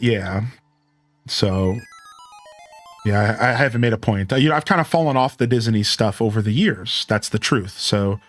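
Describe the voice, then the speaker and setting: A man in his thirties from Ohio with an Ohio accent, chatting casually with viewers as a live streamer, rambling and correcting himself. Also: medium pitch. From Ohio, USA. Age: 30s. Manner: rambling, self-correcting, animated.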